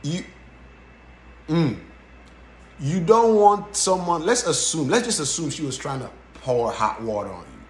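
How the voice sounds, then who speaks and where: Animated man talking in echoey room. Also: a little high, measured pace, pauses often, a little hiss or hum. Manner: animated, keeps checking in with "right?". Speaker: podcast host. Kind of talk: casual reaction commentary. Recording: roomy echo.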